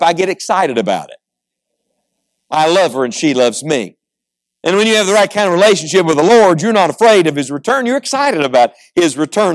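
A middle-aged male pastor preaching a sermon, reading scripture slowly and then pressing his points with rising intensity. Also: high-pitched.

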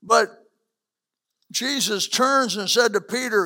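A male preacher giving a sermon to a congregation, swinging from loud declarations to hushed asides. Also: sits high, unhurried. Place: church hall with a congregation.

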